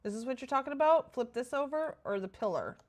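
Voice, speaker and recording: Excitable chatty woman streaming a game. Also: sits high, fast. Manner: chatty, excitable, talks to chat and herself. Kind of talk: casual livestream chat while playing.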